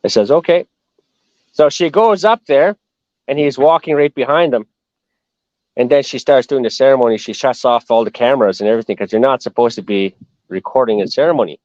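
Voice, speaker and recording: A man's voice: medium pitch, a little mellow, no room sound. A man from Canada tells a long story as an interview guest. He rambles and restarts his sentences often. His voice comes through a slightly muffled video call in a dry, close space. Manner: rambling, with many restarts and asides. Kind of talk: casual storytelling.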